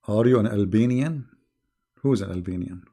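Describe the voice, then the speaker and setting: A fairly low, mellow male voice belongs to a livestream host whose commentary monologue is mocking and sarcastic. He clears his throat frequently.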